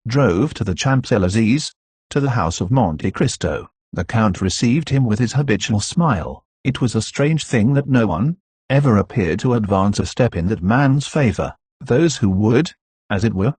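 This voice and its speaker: Man, audiobook narrator, measured reading, husky, dry close sound. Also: medium pitch, a little mellow, dry recording. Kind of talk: scripted narration.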